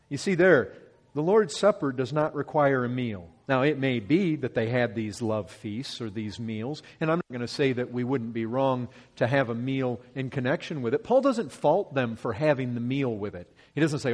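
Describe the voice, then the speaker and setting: A man preaching a sermon, working through scripture verse by verse. He swings from loud, pressing emphasis to hushed, slowed lines. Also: mid-range voice, animated.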